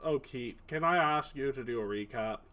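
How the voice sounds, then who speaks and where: A man's voice: mid-range voice, normal speed, pushed and bright. A man hosting a tabletop game stream as game master, joking and rambling with fillers.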